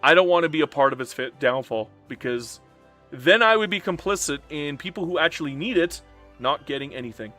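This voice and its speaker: Animated, bright-voiced man streaming a game. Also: a little high, fairly quick, soft background music. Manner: animated, talks straight to chat, swings from joking to earnest. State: a little emotional and upset. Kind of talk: casual live-stream commentary.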